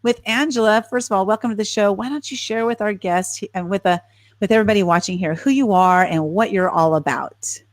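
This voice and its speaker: A woman's voice: medium pitch, fairly quick, no echo. Upbeat woman host, dry sound. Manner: upbeat, casual, encouraging. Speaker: show host. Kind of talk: interviewing guests. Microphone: video call.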